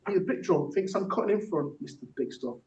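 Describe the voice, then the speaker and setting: A man's voice: high-pitched, lively intonation, fast, a little mellow. A man, a workshop facilitator performing spoken word poetry with punchy rhythm, then discussing it with a group. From Yorkshire, England. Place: theatre workshop room. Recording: echoey room from a distance, dull.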